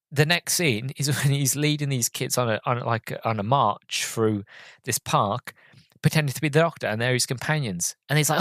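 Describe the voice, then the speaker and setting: Male podcast host, mid-pitched, heartfelt rambling review, dry sound. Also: a little fast, a bit bright, dry recording. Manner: earnest, heartfelt and rambling, with many restarts. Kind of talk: casual film review.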